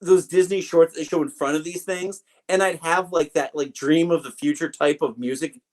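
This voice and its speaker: A man's voice: fairly high pitch, steady tone, moderate pace, darkish tone. Rambling jokey male podcast co-host. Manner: rambling, jokey, trails into asides. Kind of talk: casual chat.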